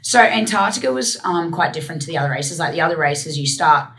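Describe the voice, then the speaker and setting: A young woman with a low voice tells stories as an interview guest. She is laid-back and easygoing. She fills her pauses with frequent ums. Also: expressive, fairly bright tone. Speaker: guest ultramarathon runner. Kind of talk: casual interview storytelling.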